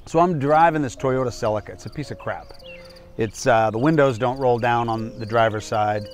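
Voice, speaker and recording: A man's voice: mid-range voice, moderate pace, faint music behind. Candid, emphatic man in his fifties. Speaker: doctor and public speaker. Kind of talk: personal motivational storytelling.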